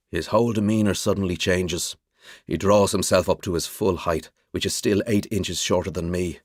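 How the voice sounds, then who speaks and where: A man's voice: low voice, normal speed, no room sound, clean studio sound. A man narrating a suspense audiobook in the first person, telling it dramatically. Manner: expressive, dramatic storytelling.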